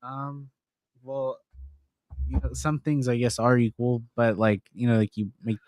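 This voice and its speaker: A young man in his twenties answering questions on a podcast. He hesitates and rambles, full of pauses. The sound is dry and close. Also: medium pitch, little pitch movement, darkish tone, dry recording. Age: 20s. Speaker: new co-host. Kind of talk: casual podcast banter.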